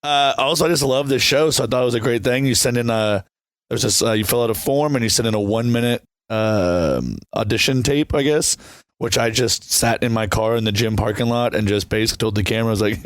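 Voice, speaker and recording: A man's voice: medium pitch, fast talker, no echo. Brash self-mocking man, dry sound. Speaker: podcast guest, reality show contestant and band member. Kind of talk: casual conversational storytelling.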